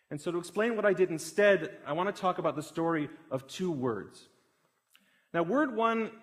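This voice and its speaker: A young man giving a public talk, telling a story with growing excitement. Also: fairly high pitch. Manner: animated, builds excitement through a story.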